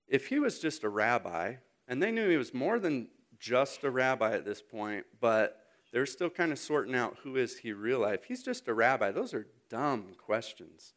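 A man in his thirties preaching a sermon, retelling the story with lively acted-out moments and sudden loud bursts. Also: mid-range voice, a little slow. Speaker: speaker.

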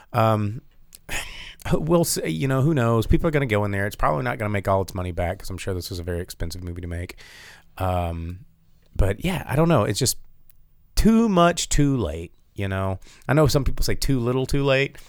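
A man with a fairly low voice speaks briskly as a podcast co-host, chatting casually and somewhat profanely about a movie he saw. He rambles, using many fillers and restarts, in clean studio sound with no room sound.

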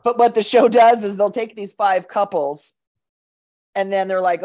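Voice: mid-range voice, steady tone, measured pace, a little mellow. Rambling, laughing podcast co-host. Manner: rambling storytelling with restarts and acted quotes. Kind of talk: casual chat.

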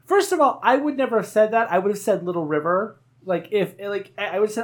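A woman hosts a relaxed podcast among friends. She talks in a rambling, animated way and laughs often between her stories. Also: mid-range voice, quick pace. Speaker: podcast host. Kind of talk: casual chat with friends.

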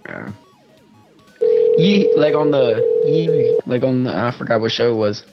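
A man's voice: mid-range voice, animated, measured pace, highs cut off, loud music behind the voice. A man co-hosting a podcast in easygoing casual chat, talking in a laid-back way. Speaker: podcast co-host.

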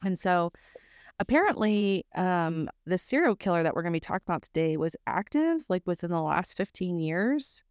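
A woman's voice: on the low side, sing-song, moderate pace, darkish tone, clean tone, no room sound, studio quality. A young woman from South Mississippi co-hosting a true crime podcast, blunt and joking with frequent swearing. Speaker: podcast co-host. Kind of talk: casual true crime chat.

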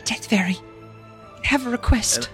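A man voicing an eager young village boy in a much higher voice. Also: moderate pace, over music. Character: small excited village boy, cheeky.

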